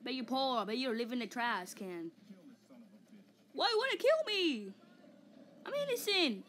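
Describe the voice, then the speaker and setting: A woman's voice: a little high, brisk, a little hiss or hum, natural voice. A woman voicing a vain, hot-tempered giant male ape in a comic fan dub, taunting and boasting with mock roars.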